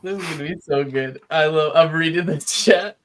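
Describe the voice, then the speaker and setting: A man on a video call, speaking as an excited guest in a casual chat. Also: a little high.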